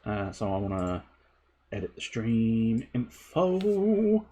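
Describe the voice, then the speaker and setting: A man's voice: fairly low pitch, sing-song, takes it slowly, warm tone, slight background noise. A man streaming video games, chatting casually in a playful, rambling way and joking to himself. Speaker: game streamer. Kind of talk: casual gameplay commentary.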